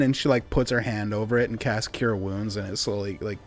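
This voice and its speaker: A man's voice: fairly low pitch, fairly even intonation, brisk, soft background music. A man narrating as game master in a laid-back way with many fillers.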